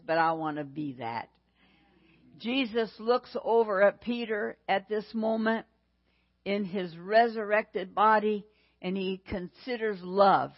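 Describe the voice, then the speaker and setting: A woman preaches a sermon with slow, deliberate delivery. She drives points home by repeating phrases. Her voice sits at an ordinary pitch, and the recording is slightly dull and lo-fi.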